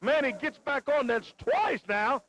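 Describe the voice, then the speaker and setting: A man doing excitable play-by-play for a wrestling match. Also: very high voice, unhurried. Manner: excitable, exclaiming calls. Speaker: play-by-play announcer. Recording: noisy lo-fi TV broadcast.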